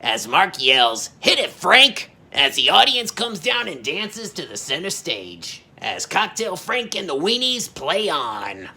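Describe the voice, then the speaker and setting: Boney, someone doing a bright, husky storybook host. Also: mid-range voice, wildly swooping pitch, takes it slowly, few pauses, heavily acted.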